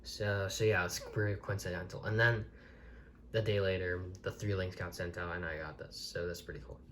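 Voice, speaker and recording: A man's voice: low-pitched, level tone, normal speed, a bit bright, slight background noise. A man reviewing a collectible video tape from the desk in his bedroom, talking casually and rambling with many restarts.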